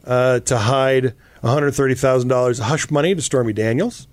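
A man's voice: mid-range voice, normal speed, dry recording. A man co-hosting a casual political talk show, reading news items aloud and adding sarcastic asides. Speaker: podcast co-host.

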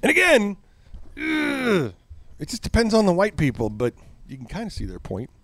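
A man's voice: a little high, sing-song, fast talker, a little mellow, dry recording. Crude sardonic male podcast host. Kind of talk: casual chat.

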